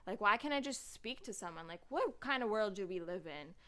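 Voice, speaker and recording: A woman's voice: medium pitch, lively intonation, fairly quick, crowd noise. A young adult woman hosting a podcast, talking casually and rambling through stories with lots of filler words. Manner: rambling, filler-heavy storytelling. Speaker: podcast host. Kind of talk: casual chat.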